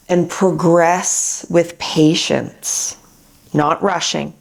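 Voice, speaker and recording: A woman calmly guiding a gentle back exercise, patiently coaching and checking in with listeners. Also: on the low side, extremely slow, creaky. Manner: calm, patient coaching with frequent "okay?" check-ins. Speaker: movement therapist. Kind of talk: guided exercise instruction.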